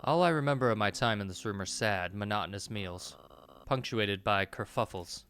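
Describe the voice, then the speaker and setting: A man reading the lines of a gloomy, reflective gentleman returning home in a game. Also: on the low side, moderate pace, slight background noise, lightly acted. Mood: brooding. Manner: brooding, reflective.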